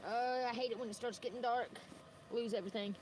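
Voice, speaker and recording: High-voiced woman streamer, combative, foul-mouthed, rambling rant. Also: fairly even intonation, quick pace, slight background noise. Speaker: livestreamer. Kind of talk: ranting livestream monologue.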